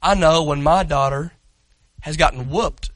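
A man preaching an impassioned sermon as pastor, telling a story dramatically and rising to shouts. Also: on the high side, measured pace, no room sound, rough recording. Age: adult parent.

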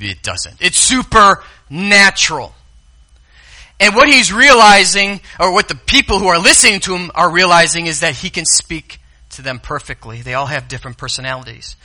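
Man, pastor, sermon, fairly high voice, sharp bright tone, soft asides and loud quotes. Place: church sanctuary.

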